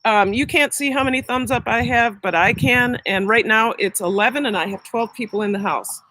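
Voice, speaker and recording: Walking around the outside of a house on a summer day, this vlog host chats casually with her livestream viewers, greeting them by name while she gets over a sore throat. Her voice is fairly high, bright, and forceful at a moderate pace, captured in low quality without echo.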